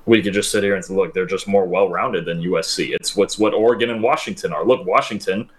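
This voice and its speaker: A man co-hosting a sports podcast, giving measured analysis with frequent restarts. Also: sits low.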